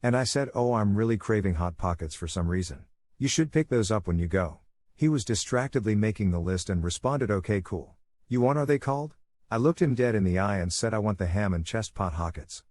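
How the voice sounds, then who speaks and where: Male narrator, deep and low, reading posts and comments straight through. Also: animated, fairly quick, darkish tone, no echo. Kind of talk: scripted narration.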